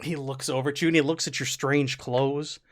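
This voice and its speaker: A man's voice: medium pitch, fairly even intonation, moderate pace. A man narrating as game master of a tabletop game, describing scenes loosely with many fillers.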